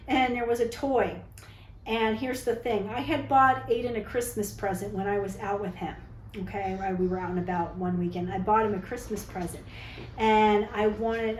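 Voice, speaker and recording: A woman's voice: medium pitch, a little mellow, reverberant, slight background noise, rough recording. A woman vlogger telling a personal story to camera in a candid, dramatic, chatty way, often tagging her lines with "okay?". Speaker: vlogger telling dating stories.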